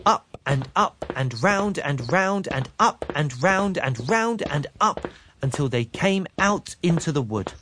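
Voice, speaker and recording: A woman narrating a children's storybook in a slow, playful reading voice. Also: sits low, lively intonation, noisy background.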